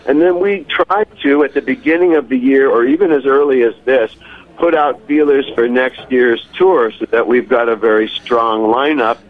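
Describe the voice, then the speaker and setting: A man's voice: medium pitch, moderate pace. An older man, a guest musician calling in, talking in an easygoing, self-mocking way about getting old. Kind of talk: phone-in interview. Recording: dull lo-fi phone line.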